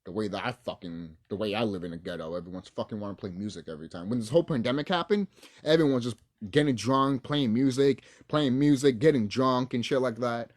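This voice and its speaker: On his own video channel, a YouTuber rants angrily at home into his camera's mic, cursing freely in a casual vlog. His voice is mid-range and fairly quick.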